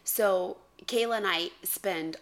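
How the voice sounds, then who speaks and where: A woman co-hosting a podcast in casual chat, an animated storyteller who laughs and swears freely. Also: on the low side, slow pace. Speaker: podcast co-host.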